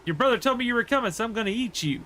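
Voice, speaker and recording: A man voicing a grumpy, hungry male bridge troll while telling a fairy tale, with a gruff, threatening manner. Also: very high-pitched, lively intonation, racing, bright, forceful tone, a little hiss or hum, pitched above the performer's own voice, exaggerated voice. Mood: menacing.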